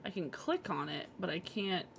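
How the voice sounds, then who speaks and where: A woman's voice: fairly low pitch, very animated, moderate pace, a little hiss or hum. A woman streamer giving playful, chatty commentary while playing a game. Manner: playful, laughing, chatty reactions. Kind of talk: casual gameplay commentary.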